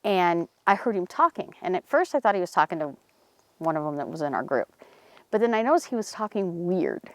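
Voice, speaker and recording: A woman's voice: brisk, no room sound. A woman outdoors in a cemetery, telling a story casually and acting out the voices of the people in it. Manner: animated, acts out quoted voices in a higher pitch. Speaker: paranormal team member telling a local story.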